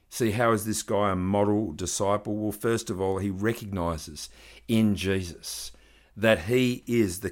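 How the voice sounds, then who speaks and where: A man preaching a sermon, reading scripture aloud and building earnest emphasis as he explains it. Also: lowish voice.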